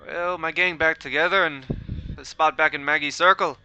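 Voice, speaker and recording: A man's voice: a little high, fairly even intonation, normal speed, bright, forceful tone, dull audio, a little hiss or hum, pitched above the performer's own voice. A man voicing a shifty, joking male gang leader in a put-on British or Irish accent. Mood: sly. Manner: joking, wheedling.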